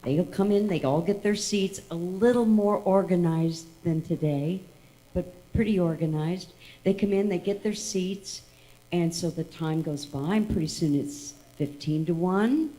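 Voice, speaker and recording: A woman's voice: lowish voice, a little slow, mellow, poor audio. A woman telling a tribute story to an audience at an event, acting out the dialogue as she goes. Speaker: tribute speaker.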